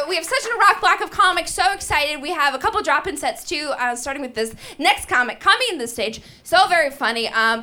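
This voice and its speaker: A woman's voice: high-pitched, noisy background. A woman hosting a stand-up comedy show on a club stage, telling stories with lots of laughter into a handheld mic. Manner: animated, laughing through her stories. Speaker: stand-up host.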